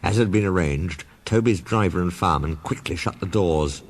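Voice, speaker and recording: A man narrating a storybook in a measured, expressive reading voice. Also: low-pitched, a little hiss or hum.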